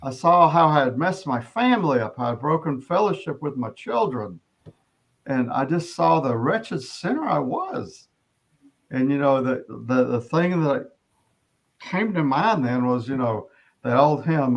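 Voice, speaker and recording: As an interview guest, a middle-aged man offers an earnest personal testimony, often halting and restarting his sentences. His pitch is medium and his delivery expressive.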